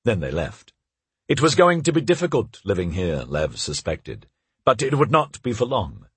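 A man narrating an audiobook in a measured storytelling manner, giving quoted characters light voices. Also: fairly low pitch, huge pitch swings, a bit bright, breathy edge, no echo. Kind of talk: scripted narration.

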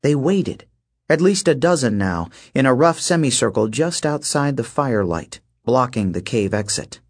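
A man narrating an audiobook in a steady, measured storytelling voice. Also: medium pitch. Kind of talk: scripted narration.

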